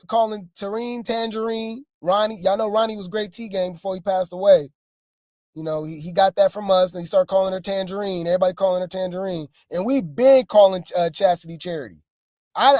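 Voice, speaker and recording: A woman's voice: medium pitch, a little mellow, no room sound, studio quality. A woman hosting a celebrity gossip channel, chatting wryly and straight to her viewers. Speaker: gossip news commentator. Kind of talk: casual gossip commentary.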